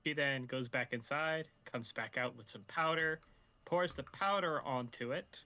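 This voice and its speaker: Dm guy narrating the game, bright tone, lots of uhs and pauses. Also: medium pitch. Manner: halting narration with fillers. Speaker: dungeon master.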